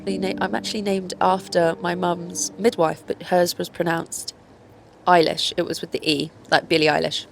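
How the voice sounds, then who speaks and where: Low gravelly woman chatting to camera. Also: level tone, normal speed, few pauses, slight background noise. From born in Northern Ireland, grew up in Kent, England. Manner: rambling, chatty, swears freely. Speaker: vlogger. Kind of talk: casual chat to camera.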